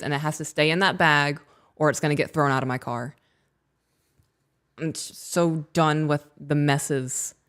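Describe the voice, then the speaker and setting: A woman co-hosting a podcast, chatting casually and telling family stories in an animated way. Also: low-pitched, clean tone. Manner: chatty storyteller, animated retelling. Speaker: podcast co-host. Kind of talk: casual chat.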